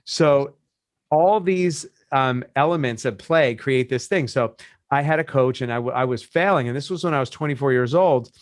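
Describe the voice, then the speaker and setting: Lively storytelling man coach. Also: mid-range voice, normal speed, no echo, studio quality. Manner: animated storyteller, acts out quoted voices. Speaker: business coach. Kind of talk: casual podcast chat.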